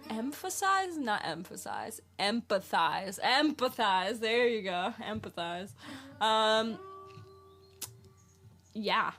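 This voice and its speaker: A woman's voice: fairly high pitch, a bit bright. A woman hosting a spiritual podcast, rambling with lots of fillers and firing questions at her listeners. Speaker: podcast host. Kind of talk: casual spiritual podcast monologue.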